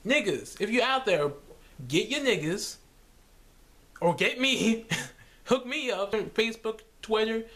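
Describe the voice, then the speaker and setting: A young man vlogging in a casual rambling monologue, animated, slipping into silly voices and laughing. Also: sits high, measured pace, pauses often.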